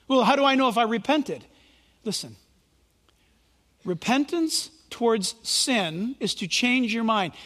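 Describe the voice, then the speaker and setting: Male pastor, high animated voice, emphatic preaching style, reverberant hall sound. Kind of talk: sermon.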